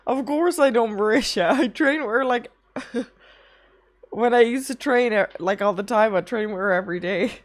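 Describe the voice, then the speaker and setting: A woman's voice: on the high side, normal speed. A young woman streaming, chatting casually with her chat, tired from little sleep, rambling through anecdotes and swearing often.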